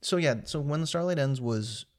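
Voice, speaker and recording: A man's voice: a little high, lively intonation, moderate pace. A man, a guest filmmaker, telling stories in a casual podcast chat, acting out quoted dialogue and swearing freely.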